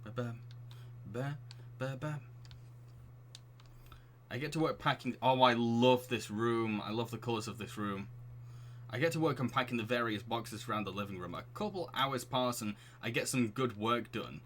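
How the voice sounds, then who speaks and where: A playful male streamer reading a dating game aloud and commenting as he goes. His voice sits at a middle pitch with a bright, forceful edge, animated and quick to giggle. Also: slight background noise.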